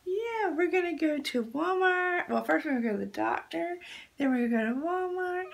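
A woman's voice: very high-pitched, animated, fairly quick, vocal fry. A young woman talking baby talk to a doll, doting and sing-song, repeating words over and over. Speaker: vlogger playing with a baby doll.

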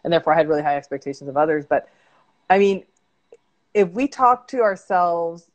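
Woman life coach, interview guest, earnest storyteller, lower pitch. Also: expressive, a little fast. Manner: earnest, storytelling, self-reflective. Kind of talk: conversational interview.

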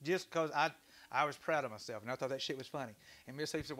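A man hosting a casual livestream from his workshop, chatty and excitable, swearing casually as he talks to viewers. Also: medium pitch, quick pace. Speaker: livestream host. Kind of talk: casual livestream chat while woodturning.

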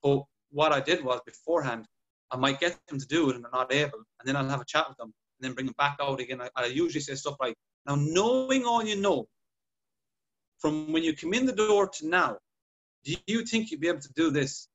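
A man chatting on a podcast, telling patient stories with lively acted-out dialogue. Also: a little high, a little fast, lo-fi sound. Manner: animated storytelling, acts out patient dialogue. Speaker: podcast guest clinician. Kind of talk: casual podcast chat.

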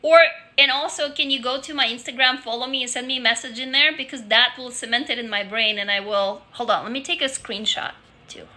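Holding her phone on the couch of her home office, a woman from Russia whose first language is Russian reads out viewer comments in a casual livestream. Her high, piercingly bright voice moves briskly with fairly even intonation as she chats openly, often restarting and cursing without restraint.

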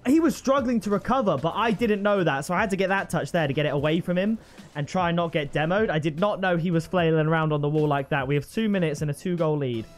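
A young man hosting a gaming channel, commentating his own match live and bursting into excited shouts at big plays. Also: fairly high pitch, fast talker, faint music behind.

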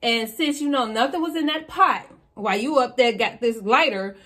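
Loud, cussing woman reacting to clips. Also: fairly high pitch, normal speed. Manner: loud, profane, incredulous. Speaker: reaction video host. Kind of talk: casual reaction commentary.

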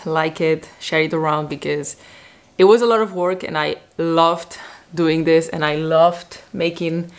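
A young woman chatting casually as a vlogger, recapping a TV show, a bit out of breath. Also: low-pitched. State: pregnant, out of breath.

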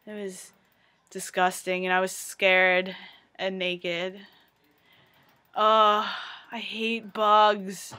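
Bright, chatty young woman vlogging. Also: medium pitch, slow pace. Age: young adult. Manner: chatty, excitable, lots of "like". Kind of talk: casual vlog chat.

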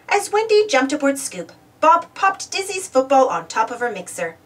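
A woman reads a children's storybook aloud with a high, very animated voice. She sounds a little distant, as if set back from the microphone. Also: normal speed. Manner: expressive, animated.

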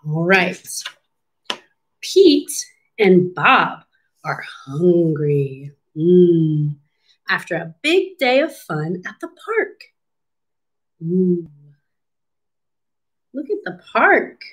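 A woman reads a children's storybook aloud very slowly, with a lively, swooping pitch. She speaks like a patient speech clinician, pausing to ask the little ones questions and coach them. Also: slightly rough, low-quality recording. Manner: slow, animated, teacherly, asks children questions.

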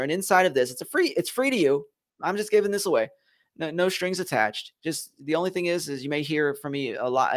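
Man, from Philadelphia, live-stream host, motivational talk, emphatic, direct address, slightly high pitch. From Philadelphia, USA. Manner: earnest, emphatic, talks straight to viewers.

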